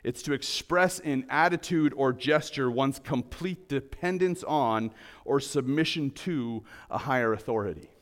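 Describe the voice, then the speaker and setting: A man preaching a sermon, explaining a passage earnestly and conversationally with some restarts. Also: mid-range voice. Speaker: pastor.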